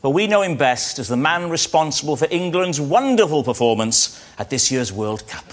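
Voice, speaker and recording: A man's voice: fairly high pitch, sing-song. Playful man hosting a talk show. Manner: teasing, playful, quick with jokes. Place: TV studio with live audience. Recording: studio with loud audience and noise.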